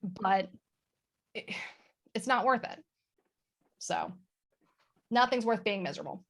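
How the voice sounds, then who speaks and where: A woman talking candidly as a guest on a video call, self-mocking and quick to laugh. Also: medium pitch, creaky. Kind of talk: casual chat on a video call.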